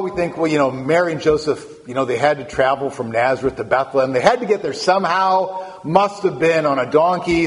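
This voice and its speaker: Male pastor, mid-pitched, easygoing sermon delivery with restarts, recorded slightly off-mic in a reverberant sanctuary. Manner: conversational, with frequent restarts and rising emphasis. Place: church sanctuary.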